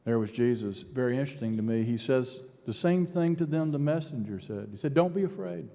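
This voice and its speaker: A man's voice: medium pitch, fairly quick, mellow. A male pastor preaching a sermon, dramatic and storytelling, acting out imagined speakers. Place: large church sanctuary. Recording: long church reverb.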